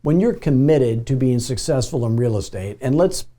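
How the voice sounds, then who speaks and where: A man's voice: medium pitch, lively intonation, moderate pace, warm tone. A middle-aged man coaching real estate agents in a casual, anecdotal way, acting out the dialogue of his stories. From Phoenix, Arizona. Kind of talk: motivational video talk with storytelling.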